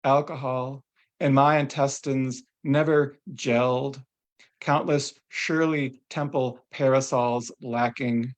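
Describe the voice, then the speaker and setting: A man reading his own poem aloud in a measured, deliberate way. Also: medium pitch, steady tone. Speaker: poet. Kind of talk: poetry reading.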